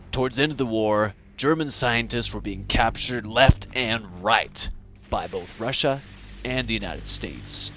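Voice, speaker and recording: A man's voice: fairly low pitch, bright, forceful tone, a little hiss or hum. Playful young man narrating a science lesson. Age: young adult. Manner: playful, jokey, theatrical. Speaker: science educator. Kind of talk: scripted educational narration.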